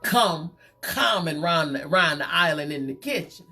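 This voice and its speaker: A woman's voice: sits low, animated, bright, forceful tone. A woman hosting a gossip show, teasing and playful, repeating herself for effect. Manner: playful, repetitive, drawn-out teasing. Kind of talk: casual gossip chat.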